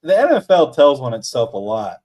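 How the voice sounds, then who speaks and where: A man's voice: mid-range voice, wildly swooping pitch, fairly quick, crowd noise. A man co-hosting a sports podcast in casual chat, rambling with many self-corrections. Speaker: podcast co-host.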